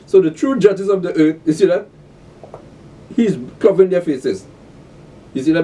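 A man teaching a scripture class in a fairly high, mellow voice. He reads verses slowly, then drives the point home by repeating words and throwing out rhetorical questions. The sound is a bit distant, as if he sits back from the mic.

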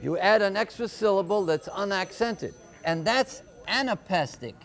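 A man tutoring on a live call-in homework show, explaining poetry slowly and patiently, step by step. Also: high voice, lively intonation. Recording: telephone-era broadcast.

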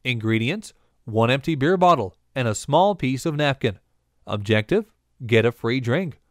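A man reads scripted bar tricks and jokes in a deadpan way, though his pitch moves a lot. The recording is dry and close. His pitch sits in the middle. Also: moderate pace, no room sound. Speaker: bartending instructor. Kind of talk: scripted instructional narration.

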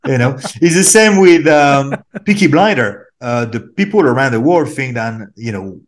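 A man with a French accent talks through his answers in a casual interview. His voice sits at a medium pitch, and he often stops with an "um" to find the right words. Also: animated. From France. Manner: thoughtful, pauses with fillers, mimics other voices. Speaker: actor guest.

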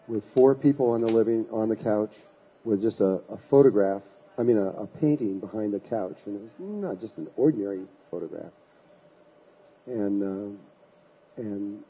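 A spiritual teacher telling a long story in a husky, middle-pitched voice. He often stops and restarts his sentences as he goes. The recording sounds dull and lo-fi. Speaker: spiritual teacher giving a talk. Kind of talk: anecdotal storytelling talk.

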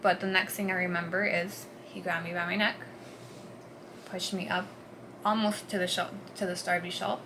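A woman's voice: on the low side, level tone. Woman telling a hard story, noisy recording. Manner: earnest, halting, swings between hushed and forceful. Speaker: vlogger. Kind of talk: personal storytelling.

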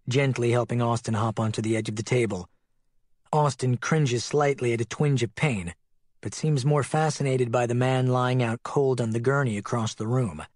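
A man narrating an audiobook in a steady, measured way, close to the mic. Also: medium pitch, no room sound.

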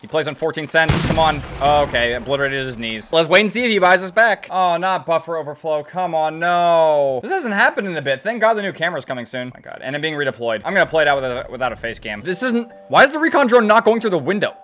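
Excitable, high-voiced gamer man. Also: fast talker, few pauses. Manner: excitable, swears a lot, self-mocking. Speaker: gaming YouTuber. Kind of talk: live gameplay commentary. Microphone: desk condenser microphone.

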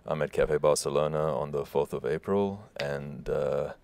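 A South African musician with a South African English accent, chatting in a laid-back, joking way as a radio guest. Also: male voice, extremely low pitch, normal speed, creaky, darkish tone, no room sound. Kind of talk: casual radio interview.

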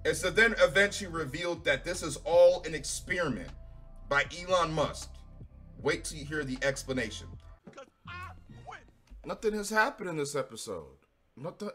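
A man's voice: high-pitched, pushed and bright, breathy edge. A man giving a casual reaction review of a show, profane, sarcastic and exasperated. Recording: faint music behind.

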